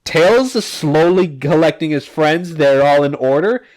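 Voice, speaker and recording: Man podcast host, slightly high voice, rambling, casual recap chat. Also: expressive, a little slow, darkish tone. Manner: rambling, filler-heavy, profane.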